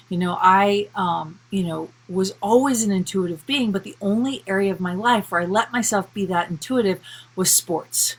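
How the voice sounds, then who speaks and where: A woman's voice: medium pitch, fairly bright tone, husky. A young woman hosting a live stream as a body-focused coach, chatting casually with viewers, laughing and acting out worried voices. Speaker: somatic intuitive coach, live stream host.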